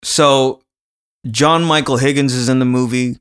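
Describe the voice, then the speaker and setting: A man's voice: mid-range voice, fairly even intonation, a little slow, a bit bright, smooth. A man co-hosting a casual podcast, talking in a chatty, rambling way and laughing often. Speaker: podcast co-host.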